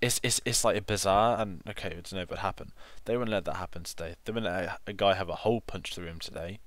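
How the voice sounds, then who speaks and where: A man co-hosting a casual film review chat, enthusiastic and halting, repeating words. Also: sits low, steady tone, a bit bright, dry recording. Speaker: film club co-host.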